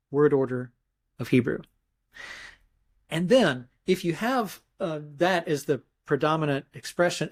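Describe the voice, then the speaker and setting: A man being interviewed as a scholar, explaining grammar thoughtfully step by step, often restarting phrases and demonstrating emphasis with his voice. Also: fairly high pitch. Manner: mimics emphasis with his voice in examples. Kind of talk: academic explanation in conversation.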